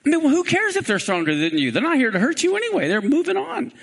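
Male preacher, high voice, very expressive pitch, rhetorical questioning style. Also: fast talker, creaky. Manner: animated, peppers the congregation with rhetorical questions. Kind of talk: sermon.

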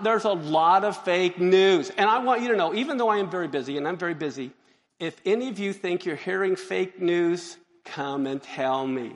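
Animated joking pastor, man, gravelly voice, preaching in a reverberant sanctuary. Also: high-pitched, normal speed. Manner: animated, joking, exclaims and laughs often. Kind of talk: sermon. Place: church sanctuary. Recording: long hall reverb.

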